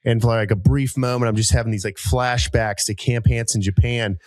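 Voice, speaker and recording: A man in his thirties, a podcast co-host telling a rambling, animated story with many fillers and jumps into high voices for people he quotes. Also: brisk, no echo. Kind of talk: casual storytelling chat.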